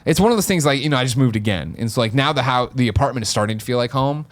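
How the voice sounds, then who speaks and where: A man from the Midwest talks quickly and loosely on a podcast. He tells a long story and acts out the people in it, jumping into their voices. His pitch sits in a middle range. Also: animated. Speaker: podcast host. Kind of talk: casual storytelling.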